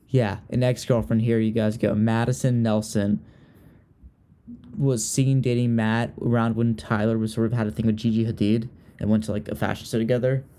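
In a mellow, medium-pitched voice, a young man from Richmond, Virginia hosts a casual podcast chat. He's gossipy and talkative, frequently trailing off and restarting.

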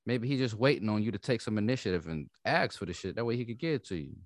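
A man's voice: on the low side, lively intonation, fast talker, dry recording, clean studio sound. A man co-hosting a casual podcast, laid-back, giving advice and signing off the episode. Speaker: podcast co-host. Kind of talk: casual chat.

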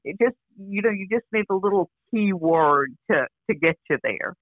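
Over a phone line, an older actress chats casually as an interview guest, rambling, restarting her sentences, and saying "you know" often. Her voice is medium-pitched with lively intonation and a moderate pace, and there's no echo.

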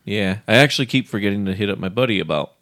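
A man co-hosting a podcast in casual chat, relaxed, laughing often and restarting his sentences. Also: on the low side, rapid-fire, no echo, studio quality. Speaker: podcast co-host.

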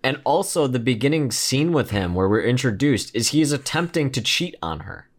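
A man's voice: medium pitch, big pitch swings, normal speed. A man co-hosting a movie review podcast, chatting casually and acting out scenes with quoted voices. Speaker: podcast co-host.

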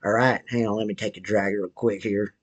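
A man's voice: on the low side, level tone, a little fast, lightly acted. A man voicing a crude, foul-mouthed, obese wannabe rapper in a comedy sketch monologue, rambling in a profane, slangy drawl while smoking a cigarette.

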